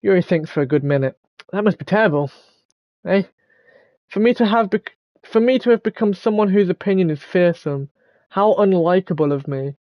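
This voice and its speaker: A man's voice: high voice, moderate pace, no echo, dull audio. A young man reading the lines of a shy bookish teenage girl from a visual novel in his own plain voice. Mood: earnest. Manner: reading game dialogue aloud flatly.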